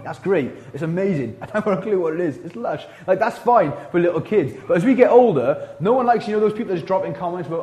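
In a church, a Welsh pastor gives a lively sermon full of casual slang and quick asides. His pitch is a bit higher than most men's, and he keeps the tone conversational.

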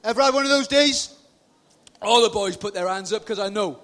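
High-voiced bright man preaching. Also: brisk. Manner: chatty, lively, bursts into shouting. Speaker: youth speaker. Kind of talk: informal youth sermon. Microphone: PA microphone.

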